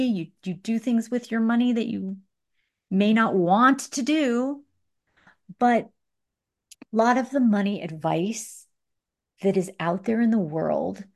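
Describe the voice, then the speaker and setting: A woman hosting a conversational coaching chat about money. She talks in an animated, emphatic way and laughs often. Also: medium pitch.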